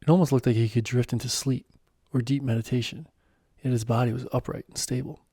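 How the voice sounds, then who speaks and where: Male storyteller, first-person narration, earnest and self-deprecating, mellow tone, dry close sound. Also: mid-range voice, steady tone, fast, slightly rough, no room sound. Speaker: author and narrator.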